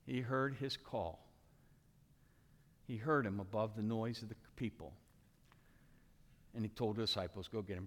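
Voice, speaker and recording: A man preaching an animated sermon, dramatically acting out the characters in his story with sudden shouts and hushed asides. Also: medium pitch, in a large hall. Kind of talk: animated sermon with acted-out voices.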